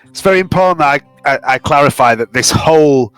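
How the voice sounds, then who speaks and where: A man's voice: fairly high pitch, lively intonation, quick pace, a bit bright, smooth, no room sound, soft background music. A man playing a tabletop game, explaining his character in casual chat. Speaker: player.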